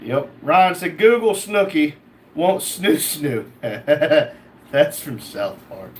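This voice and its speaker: A man's voice: a little high, big pitch swings, takes it slowly. A man hosting a casual livestream, reading out chat comments and joking back.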